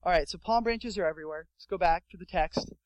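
A young adult man preaching a sermon as pastor, telling a story with lively acted-out quotes. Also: high-pitched, fast, no echo, lo-fi sound.

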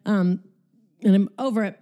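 A woman's voice: medium pitch, moderate pace, mellow, muffled recording. A woman hosting a candid, profane, rambling monologue while she exercises, out of breath.

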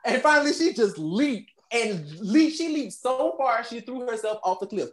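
With a medium-pitched voice and moderate pace, this podcast co-host tells the story of a movie in lively fashion, performing its lines, laughing along, and swearing casually.

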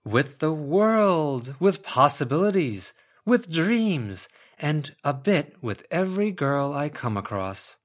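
A whimsical, romantic young man speaks slowly and grandly, stretching his words. His voice sits somewhat higher than plain narration, as a man puts him on for an audiobook. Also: sing-song. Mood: dreamy theatrical. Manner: slow, lingering, dramatic delivery. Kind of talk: audiobook character reading.

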